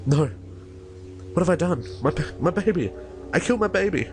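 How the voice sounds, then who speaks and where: A man's voice: fairly low pitch, a little fast, music in the background, voice pushed down, natural voice. A man voicing a grief-stricken young mother as he reads a horror story aloud in first person, stumbling over words now and then. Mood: frantic.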